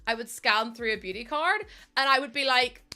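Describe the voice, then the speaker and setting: Bright, high-voiced woman streamer. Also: normal speed, smooth. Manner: chatty and animated, swears freely, laughs often. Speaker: live streamer. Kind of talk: casual chat with live chat viewers.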